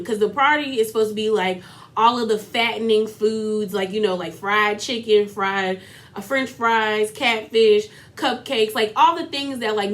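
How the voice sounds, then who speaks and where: A woman's voice: mid-range voice, a bit bright. A woman vlogger giving a casual, chatty recap of a reality show, full of fillers and laughter.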